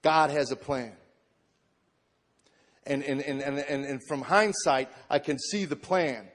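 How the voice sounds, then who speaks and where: Giving a testimony of his faith to a crowd, a middle-aged comedian swings from quiet, subdued delivery to excited shouting, frequently repeating his opening words. His pace is measured, and the acoustics are those of a large room.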